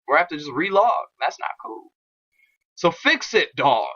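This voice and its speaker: Profane excitable young man gaming. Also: fairly high pitch, moderate pace, highs cut off. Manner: profane, excitable, talks to viewers. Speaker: gamer commentating his own match. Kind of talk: casual gameplay commentary.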